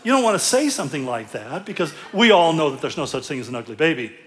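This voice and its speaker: A man's voice: fairly high pitch, sing-song, fast, hardly any pauses, slight background noise. A middle-aged man preaching a sermon as pastor, conversational and self-deprecating, often chuckling at his own jokes.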